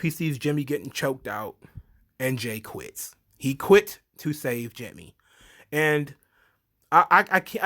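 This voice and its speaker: A man recapping a wrestling event in a casual monologue, acting out quotes and laughing often. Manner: animated storyteller, acts out quotes in high voices; frequent fillers, laughs often. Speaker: wrestling reviewer.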